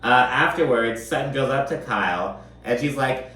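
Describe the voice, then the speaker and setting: A man's voice: medium pitch, normal speed, few pauses, bright, forceful tone, far from the mic. A man chats through a reality TV recap in a loose, gossipy way. He swears often and fills his talk with "like." His voice sits back from the mic in a roomy, echoing space. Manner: chatty, profane, full of "like" fillers. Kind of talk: casual commentary recap.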